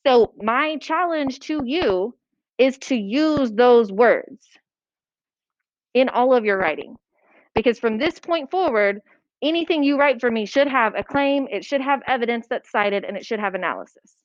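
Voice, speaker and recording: A woman teaching a writing lesson to a class, brisk and checking that students follow. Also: on the high side, animated, no echo. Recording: dull lo-fi classroom recording.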